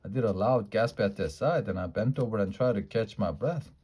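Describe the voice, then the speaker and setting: A man reading a children's storybook aloud in a lively, playful way. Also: fairly low pitch, brisk, husky. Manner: lively, playful character voices in a child's first-person story. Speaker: storybook reader.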